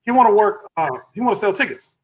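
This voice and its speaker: A woman's voice: medium pitch, fast talker, voice pushed up, close to an everyday voice, poor audio. A man voicing a brusque woman receptionist who speaks bluntly in clipped slang.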